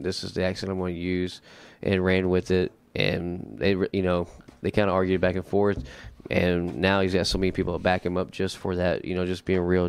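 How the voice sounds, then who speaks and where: A man's voice: low voice, creaky, smooth. A man co-hosting a podcast in casual chat, easygoing and full of fillers. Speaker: podcast co-host.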